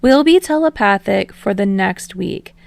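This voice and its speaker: A woman's voice: medium pitch, expressive, unhurried, gravelly, dry recording. A woman reading as an easygoing teen boyfriend. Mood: sheepish. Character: easygoing affectionate teenage boy. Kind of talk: podfic reading.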